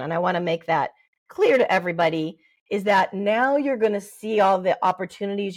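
Brief: middle-aged woman, child-development guest, animated, mid pitch, acts out baby talk. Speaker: guest, early development expert. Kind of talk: conversational advice, podcast interview.

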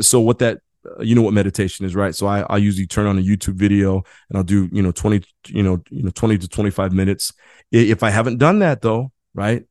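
A man's voice: medium pitch, a little mellow, no echo, studio quality. A man hosting a leadership podcast alone, talking earnestly and conversationally, often checking in with "right?" and restarting his sentences. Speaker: podcast host. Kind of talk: solo podcast monologue.

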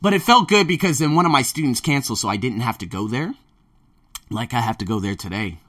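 A man hosting a casual monologue podcast as a language teacher working abroad, telling stories in an animated way and swearing freely. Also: medium pitch, quick pace. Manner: animated storyteller who acts out his own quotes, swears freely. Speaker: podcast host.

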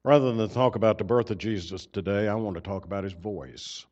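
A man preaching a sermon through a microphone in a church, earnest, growing loud on key points and dropping soft between them. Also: lowish voice, a little fast, muffled recording. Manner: earnest, swells louder on key points then drops soft. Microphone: microphone system.

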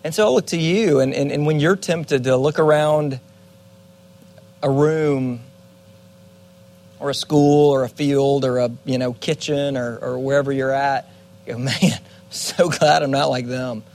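A young man giving a Bible teaching sermon as a youth pastor, earnest and conversational with dramatic pauses. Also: medium pitch, fairly even intonation, darkish tone.

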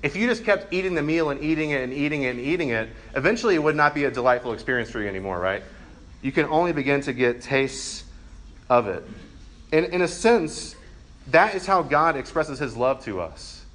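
A man in his thirties preaching a sermon in a conversational, humorous way, with quick asides to the congregation. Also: on the high side, expressive, a bit bright. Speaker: pastor.

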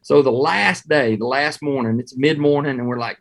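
A man from Georgia with a Southern accent, telling hunting stories in a folksy, animated way during a casual interview. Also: mid-range voice, normal speed, gravelly. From Georgia, USA. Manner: folksy, animated, chuckles as he talks. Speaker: hunting guest.

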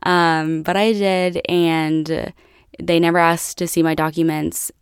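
A young adult woman from the United States, a vlogger, tells her viewers a personal story in a chatty, casual way, packed with "like" and laughter. Her lowish voice moves little in pitch and is slow, with a clean, echo-free, studio-quality sound.

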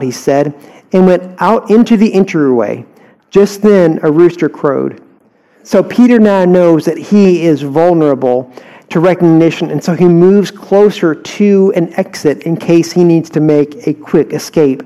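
Mellow-voiced Texan Bible teacher. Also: male voice, on the high side, unhurried, rough recording. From Houston, Texas. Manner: conversational, asks listeners rhetorical questions.

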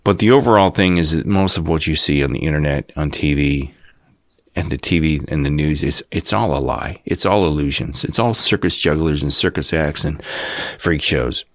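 Deep-voiced cynical man in his fifties. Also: normal speed, dry recording, clean studio sound. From Cleveland, Ohio area. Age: 50s. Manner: cynical, rambling, mocks folksy TV voices. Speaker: channel host. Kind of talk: casual monologue rant.

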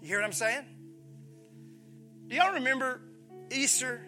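A pastor from preaching a sermon, animated, acting out voices and calling on his listeners. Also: very high-pitched, unhurried, faint music behind. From Mississippi, USA. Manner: animated, acts out voices, calls on the congregation.

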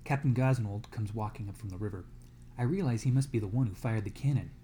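A man's voice: on the low side, fast talker, dark tone, a little hiss or hum. A man reading a novel aloud to a class as a guest reader, dramatic and dropping to a whisper in tense moments.

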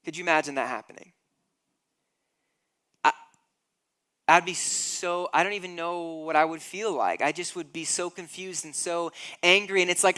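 A man's voice: high voice, moderate pace, bright, forceful tone, smooth. A man in his thirties preaching a sermon, emphatic and acting out scenes with growing intensity. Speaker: pastor.

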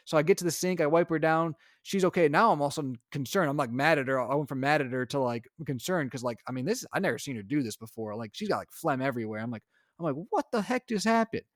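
Casual storytelling dad, dry sound. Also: male voice, mid-range voice, fast, dry recording. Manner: animated storytelling, acts out his own lines. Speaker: podcast co-host, father. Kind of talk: casual chat.

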